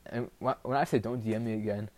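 A man's voice: lowish voice, fairly even intonation, quick pace, darkish tone. A teenage boy hosting a casual solo podcast, rambling bluntly with constant "like" fillers and a frustrated edge. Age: teens. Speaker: podcast host.

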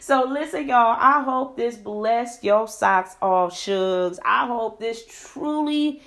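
Woman, podcast host, upbeat faith talk, preacherly, exuberant, somewhat high voice. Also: takes it slowly, a bit bright. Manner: exuberant, preacherly, calls listeners "beloved" and "Shugs". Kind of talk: inspirational Christian podcast talk.

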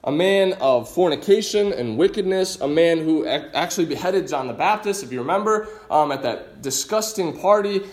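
A man's voice: a little high, expressive, moderate pace, hardly any pauses, roomy sound. A man preaching a sermon as pastor in a conversational, emphatic way, often restarting his phrases.

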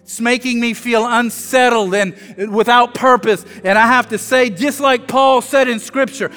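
Pastor from south louisiana, very high voice, funny self-mocking storyteller, long hall echo with soft music under it. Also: male voice, fairly even intonation, moderate pace, hardly any pauses. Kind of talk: sermon.

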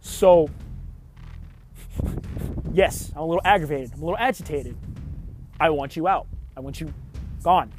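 A young man with a notably high voice rants through a casual storytime, exasperated and rambling, with swearing and plenty of "like." Faint music plays softly behind him. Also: normal speed, pauses often. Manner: rambling, frustrated, swears often, heavy use of "like".

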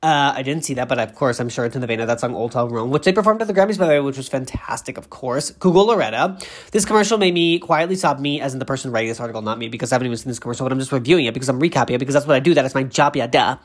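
Fast, rambling comic recapper. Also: medium pitch. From Boston. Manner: digressive, self-interrupting, tripping over words. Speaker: commercial recapper. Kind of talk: comedic rambling monologue. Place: bathroom.

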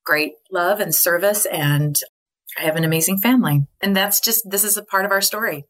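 A middle-aged woman with a lowish voice speaks briskly as a guest on a podcast. In a casual interview conversation, she candidly tells her family story and laughs often.

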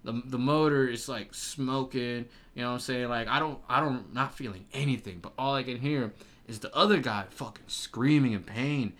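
Profane, animated young man telling a story. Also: mid-range voice, normal speed. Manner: profane, animated, laughs often. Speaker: podcast guest. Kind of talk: casual storytelling chat.

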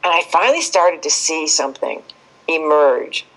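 A woman speaking as an expert guest in a podcast interview, telling stories with lively shifts and acting out quoted voices. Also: deep voice, normal speed, rough recording.

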